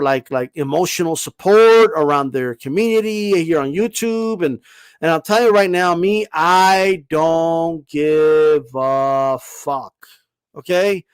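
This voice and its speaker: A man with a high voice that swings widely in pitch holds forth as a boxing channel host. He talks emphatically, swears, and keeps checking in with "okay?". When he gets heated he stammers through quick restarts, and the sound is dry and close. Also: no echo. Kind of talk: casual opinion monologue.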